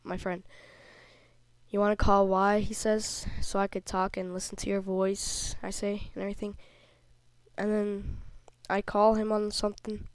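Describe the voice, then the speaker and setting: A kid before puberty, a little under the weather, rambles through a vlog in an indignant tone. The voice is smooth and clear, with a flat, level pitch. It sits close and dry, with almost no room sound. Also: normal speed, dry recording. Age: child, before puberty. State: a little sick. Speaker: video creator. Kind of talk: casual vlog commentary over screenshots.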